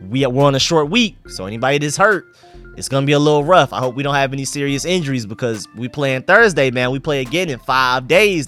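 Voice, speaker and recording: Fast-talking man with sore throat. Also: mid-range voice, fairly bright tone. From Atlanta, USA. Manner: emphatic, opinionated, repeats catchphrases. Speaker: sports channel host. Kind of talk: fan game review commentary.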